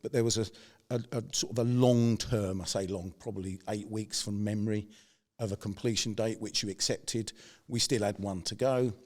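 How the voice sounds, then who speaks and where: A man middle-aged podcast host, fairly low voice, brisk storyteller who plays out the people in his anecdotes. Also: steady tone, a little mellow. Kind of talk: conversational anecdote.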